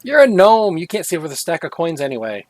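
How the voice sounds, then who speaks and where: A man's voice: fairly high pitch, big pitch swings, fast talker, darkish tone, no echo, poor audio. A man co-hosting a casual gaming podcast, rambling along with jokey asides and frequent self-corrections. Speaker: podcast co-host.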